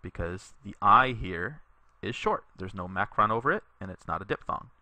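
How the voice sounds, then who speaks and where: A man teaches a Latin lesson in a recorded tutorial, reading each sentence slowly so learners can repeat it. His voice sits a little low yet sounds very bright. The sound is dry and close, with no room around it. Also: animated, dry recording. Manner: slow, deliberate reading aloud for learners to repeat; explanatory, patient, with fillers.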